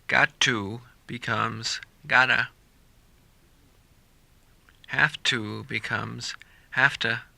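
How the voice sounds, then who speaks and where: A man reading a scripted English listening-practice lesson, saying example sentences slowly and deliberately for learners to repeat. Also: medium pitch, fairly even intonation, vocal fry, pushed and bright, dry recording. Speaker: English pronunciation teacher.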